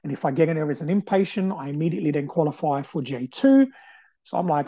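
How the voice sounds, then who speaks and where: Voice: mid-range voice, lively intonation, quick pace, mellow, no room sound. A podcast host in their forties, talking through a personal story in an emphatic, determined way and repeating phrases for stress. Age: 40s.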